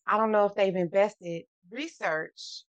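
A woman's voice: mid-range voice, unhurried, lo-fi sound. A woman who hosts a podcast and speaks in casual conversation, giving frequent short supportive agreements. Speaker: podcast host.

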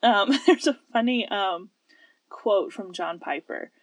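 A woman co-hosting a casual Christian conversation, talking with lively energy and frequent laughter. Her voice sits at an ordinary pitch and is recorded close and dry, with no room sound around it. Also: slow, no echo. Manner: lively, laughs often, quotes scripture. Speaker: podcast co-host. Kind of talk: casual faith-based chat.

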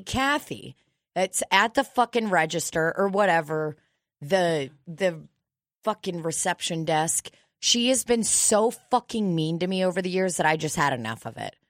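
A young woman with a deep voice hosting a podcast, telling a story in a brash, swearing rant. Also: expressive, normal speed, fairly bright tone, no room sound, studio quality. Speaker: podcast host. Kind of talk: casual comedic chat.

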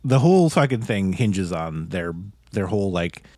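A man's voice: deep voice, moderate pace, no echo, studio quality. A man co-hosting a movie podcast, talking casually and swearing a lot, often slipping into silly impressions. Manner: animated, profane, does goofy impressions. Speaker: podcast co-host.

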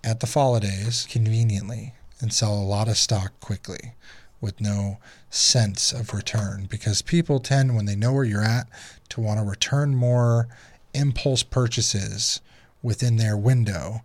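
A man who runs a repair shop, hosting a casual podcast and talking business with lively storytelling. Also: on the low side, measured pace. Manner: animated storyteller, acts out quoted customers. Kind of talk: casual chat.

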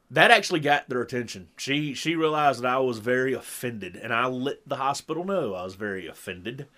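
A middle-aged man telling a long story in casual chat, animated and acting out what people said. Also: mid-range voice, moderate pace. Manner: animated storyteller who acts out quotes. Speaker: podcast co-host.

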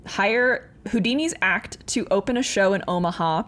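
A woman's voice: medium pitch, normal speed, a bit bright. A woman co-hosting a podcast, recounting a history story from her notes in a casual chat and laughing often.

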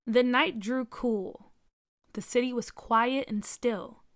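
Expressive woman reading a story aloud. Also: fairly high pitch, no echo, clean studio sound. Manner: expressive, performs each character. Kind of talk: read-aloud story narration.

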